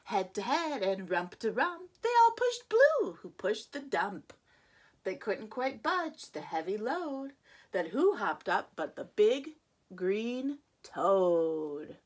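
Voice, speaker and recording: A woman, a preschool teacher, reading a children's picture book aloud with expressive, sing-song phrasing. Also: mid-range voice, slow, breathy edge.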